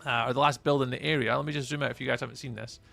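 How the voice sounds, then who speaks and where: A man's voice: medium pitch, fairly even intonation, racing, gravelly, fairly bright tone. A young Scottish man casually chatting through a live game stream, rambling and greeting his chat by name. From Scotland. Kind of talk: live gameplay commentary.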